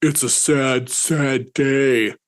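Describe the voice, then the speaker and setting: A man voicing a boy who acts like a grave soldier, speaking in a mock-solemn, deadpan way. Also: medium pitch, drawn-out words.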